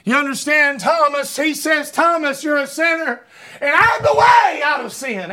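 Preacher guy shouting his sermon, real high voice, keeps tripping on and-and-and. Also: expressive, measured pace. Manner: shouting fervently, with frequent repeated words.

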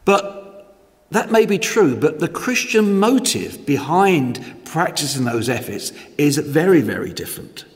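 A male preacher with a fairly high voice delivers a sermon at a slow, deliberate pace. He leans on emphatic rhetorical questions. His voice rings out with a long church-hall reverb. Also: sing-song.

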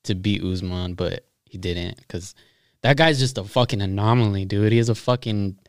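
A man's voice: lowish voice, normal speed, clear, resonant tone, no room sound, studio quality. A man telling stories and talking fights in a casual chat with friends, swearing often and breaking into laughs. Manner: laughing storyteller, swears a lot.

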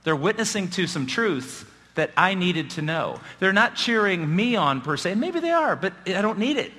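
A middle-aged man preaching a sermon as pastor, telling stories with self-deprecating humor and building excitement. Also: high-pitched, moderate pace. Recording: long hall reverb.

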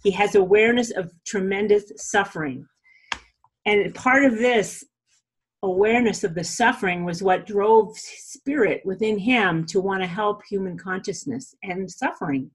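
A woman's voice: mid-range voice, moderate pace, breathy edge. A woman in a casual spiritual teaching talk, chatty, often laughing and saying "you know" and "like".

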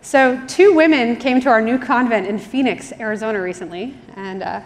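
A religious sister giving a conference keynote, telling stories with acted-out quotes and laughter, then praying in a hushed, soft voice. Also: female voice, fairly high pitch, normal speed. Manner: animated storyteller who acts out quotes, laughing often, then hushed and soft in prayer. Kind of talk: conference keynote with storytelling and prayer. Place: large conference hall. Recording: reverberant large hall.

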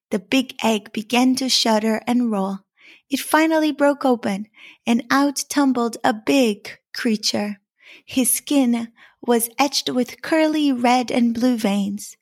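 Gravelly woman reading a fairy tale. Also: a little high. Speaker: storyteller. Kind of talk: storybook narration.

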